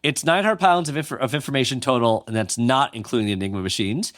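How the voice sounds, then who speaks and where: A podcast host tells a history story in a casual, jokey manner, reading quotes aloud with playful asides. His medium-pitched, fairly bright voice moves at a quick pace, recorded at studio quality with no echo.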